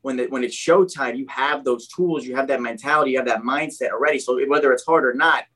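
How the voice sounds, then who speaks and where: This young man, appearing as a podcast guest, recounts his story casually and with plenty of energy. He keeps dropping "dude" and starting his sentences over, speaking fast in a mid-range voice.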